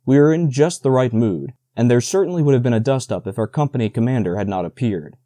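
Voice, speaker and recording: A man narrating an audiobook in a steady, even storytelling manner, close to the mic. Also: medium pitch, fast, dry recording. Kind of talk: scripted narration.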